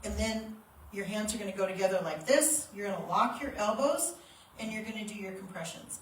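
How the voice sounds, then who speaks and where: A woman's voice: medium pitch, a little fast. Woman CPR instructor, practical and demonstrative, handheld mic a bit off, roomy space with faint background hum. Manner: plain, practical, demonstrative teaching with acted-out shouts. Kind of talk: hands-on first aid workshop. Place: workshop room with a live group. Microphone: handheld microphone. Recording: echoey room, mic held at a distance, faint ambient noise.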